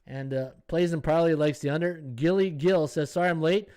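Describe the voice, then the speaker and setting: Fairly high-pitched and fairly quick, this man's voice has a dark yet clean tone. Hosting a sports betting podcast, he offers casual live-stream analysis, reasoning aloud over the odds and reading viewer comments out.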